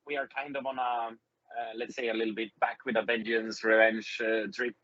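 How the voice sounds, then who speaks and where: A middle-aged man with a Swedish accent talks casually as a podcast guest, friendly and halting, with lots of fillers. His voice is a bit husky and sits in a middle pitch. The audio is dry and dull, like a remote call. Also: flat delivery, fairly bright tone, no echo. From Sweden. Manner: hesitant, many fillers, friendly. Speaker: guest musician. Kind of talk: casual interview chat.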